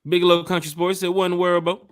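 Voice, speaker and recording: A man's voice: sits high, fast talker, clean tone, no echo. Hyped man reading chat on a podcast. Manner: lively, hyped shout-outs. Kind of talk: casual chat.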